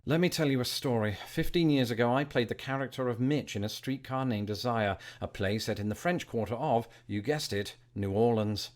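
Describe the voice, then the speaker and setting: A man's voice: mid-range voice, normal speed, few pauses. A British man in his thirties giving scripted, dryly humorous narration. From Britain. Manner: wry, dry, wordy humor. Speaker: video narrator.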